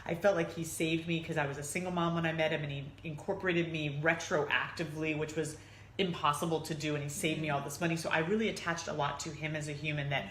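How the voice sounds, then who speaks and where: A middle-aged woman co-hosting a casual chat, telling stories and acting out quotes in high, excited voices. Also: fast talker. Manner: animated storyteller, acts out quotes in high voices. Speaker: podcast co-host. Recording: echoey room, faint noise.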